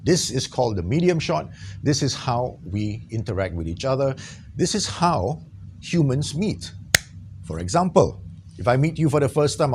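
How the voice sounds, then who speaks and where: Man, video tutorial trainer, lively, jokey, small studio, faint background hum. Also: medium pitch, moderate pace. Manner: lively, jokey teacher who checks in often. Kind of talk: on-camera tutorial. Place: small studio with camera and lights.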